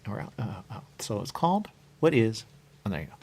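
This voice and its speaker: Low gravelly man rambling in circles. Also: very animated, fairly quick, darkish tone. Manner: rambling and repetitive, keeps saying "there you go"; sing-song murmuring asides. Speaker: radio show host. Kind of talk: rambling spoken monologue.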